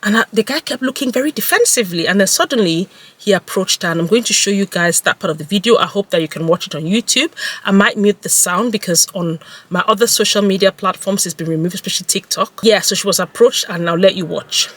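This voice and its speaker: A woman vlogger talking to camera in a measured, deliberate way. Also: medium pitch, no echo.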